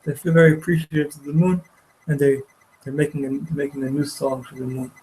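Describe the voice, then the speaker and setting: A man teaching a class, retelling a story in a halting way with many repeated words and restarts. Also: on the high side, level tone, darkish tone, slight background noise, poor audio. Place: study hall.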